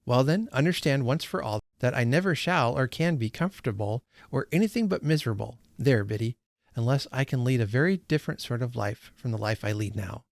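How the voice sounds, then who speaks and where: A man's voice: mid-range voice, animated, fairly quick, creaky, dry recording, clean studio sound. A man reading aloud the lines of a discontented young man, impatient and earnest.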